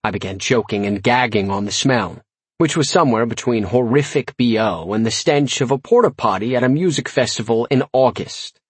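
A man reading a comic first-person audiobook with wry, lively storytelling. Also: mid-range voice, moderate pace, husky, no echo. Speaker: audiobook narrator.

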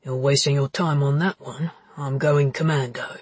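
A woman voicing a cocky, teasing man in an audiobook, speaking with a smug, husky drawl. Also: steady tone, normal speed, no room sound. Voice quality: husky, low and hushed.

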